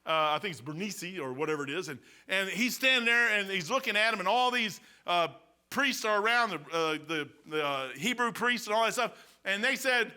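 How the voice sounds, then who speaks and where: High, bright-voiced male pastor preaching. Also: fairly quick, smooth. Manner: animated, colloquial storytelling. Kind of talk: sermon. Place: church, behind the pulpit.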